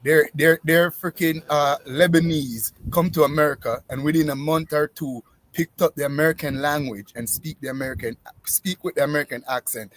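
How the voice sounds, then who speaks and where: A man with a somewhat higher voice argues back hard, lecturing his opponent and knocking down each point in turn. He speaks in a forceful, correcting tone throughout. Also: fairly even intonation, normal speed, few pauses, no echo. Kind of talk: heated debate on a stream.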